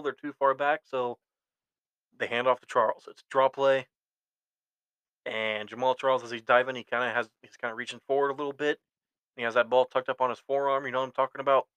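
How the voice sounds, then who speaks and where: A man's voice: medium pitch, fairly even intonation, brisk, a bit bright, clean tone, dry recording, low-quality recording. A man hosting a solo sports podcast, rambling and correcting himself as he gives opinionated fan takes. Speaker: podcast host.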